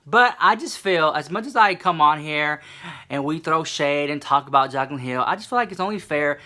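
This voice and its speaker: A man's voice: fairly high pitch, expressive, normal speed, pushed and bright. A man on a video blog giving sassy, gossipy commentary and calling his listener "girl" again and again. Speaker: commentary vlogger.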